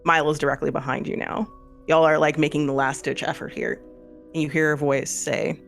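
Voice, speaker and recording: A man's voice: on the high side, flat delivery, a little fast, creaky, fairly bright tone. A man with a Missouri accent, narrating a tabletop horror game as game master in a casual, rambling way. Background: faint music.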